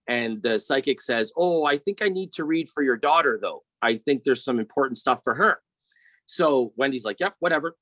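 A middle-aged man telling a personal story in casual conversation, animated and often repeating words as he starts a sentence. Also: on the high side, no echo, low-quality recording.

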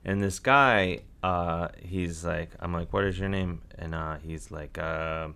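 Deep gravelly man rambling deadpan. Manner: rambling, halting, deadpan with frequent fillers. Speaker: guest telling an absurd life story. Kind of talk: improvised comedic storytelling.

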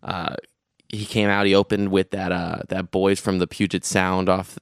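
A young man with a low, smooth, resonant voice, talking casually on a podcast. He rambles, restarts and piles on fillers as he tells his story. The close mic leaves the sound dry, with no room around it. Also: little pitch movement, moderate pace, no echo. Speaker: podcast co-host recounting a festival trip. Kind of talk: casual chat.

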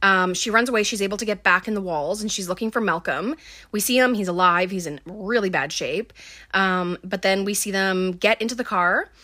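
A woman's voice: mid-range voice, fairly quick, sharp tone. A woman talks through a movie plot in a loose, casual way. She leans heavily on fillers like "um" and "like" as she goes. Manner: filler-heavy, lots of um and like. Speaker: film recap host.

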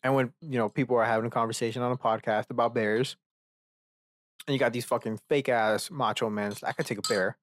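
A man's voice: mid-range voice, fairly even intonation, a little fast. Profane rambling young man. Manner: profane, rambling storyteller who acts out characters. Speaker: podcast host. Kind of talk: casual rant.

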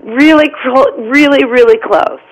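A middle-aged woman who is an actress, being interviewed and telling an animated story about her early career. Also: high voice, unhurried, rough recording. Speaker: actress guest.

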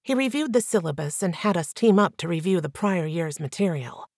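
A woman reading a first-person novel aloud as an audiobook narrator with clear, even storytelling. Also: on the low side, a little fast, no echo, studio quality.

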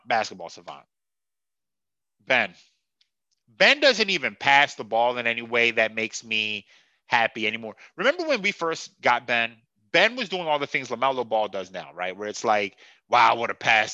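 A man's voice: mid-range voice, pushed and bright, no room sound, lo-fi sound. A man hosting a sports podcast who rants in a profane, sarcastic and heated way. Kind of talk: casual sports rant.

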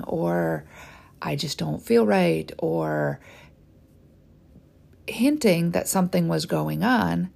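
A woman in her forties with a strongly gravelly, husky voice that sits a little low. She talks candidly and conversationally about her own experience as a trainer, tossing in little asides to the listener. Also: darkish tone. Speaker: hormone specialist and trainer. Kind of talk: personal story talk.

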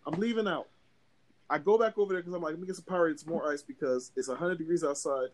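Speaking fast in a fairly high voice, a young male podcast co-host relates a long tale in relaxed conversation. He curses heavily and brings the story to life by playing every voice on both sides.

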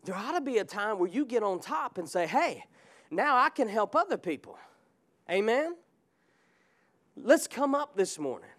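Male pastor, very high voice, fervent sermon delivery with congregation call-outs. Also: very animated, normal speed, pauses often, fairly bright tone. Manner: fervent preaching with call-and-response asides. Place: church sanctuary.

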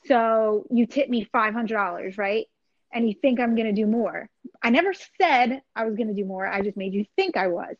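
A woman's voice: a little high, moderate pace, no echo, lo-fi sound. A woman telling blunt stories in a casual chat over a call, with lots of "like" and "you know what I mean". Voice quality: blunt, chatty storyteller with frequent "like". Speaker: guest.

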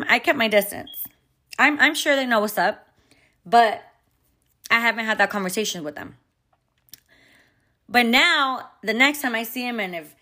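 A woman's voice: fairly high pitch, bright, forceful tone. A mother telling a heated story in a candid storytime vlog, full of profanity and filler words.

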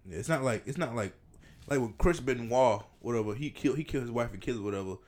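A man's voice: medium pitch, fast talker, darkish tone. A man telling a rambling, profane story in casual chat.

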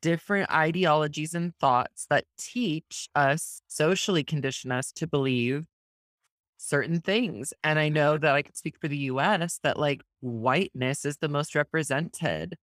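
An earnest podcast host talks through big ideas, sometimes rushing and sometimes drawing words out. The voice sits in a middle register and is recorded dry and close, with no room sound. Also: mid-range voice, fairly bright tone, dry recording. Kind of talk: conversational interview.

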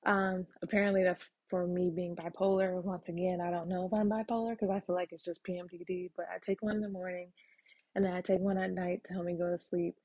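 A woman's voice: lowish voice, little pitch movement, fast, mellow, dry recording, muffled recording. A woman hosting a casual solo podcast, talking frankly with lots of ums and casual swearing. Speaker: podcast host.

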